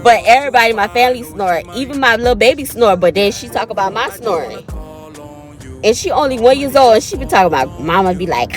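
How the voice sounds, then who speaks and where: A woman's voice: fairly high pitch, lively intonation, quick pace, soft background music. A woman in her thirties with a cold, telling a personal story to her viewers in a casual, chatty way and calling them y'all and honey. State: has a cold. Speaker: vlogger.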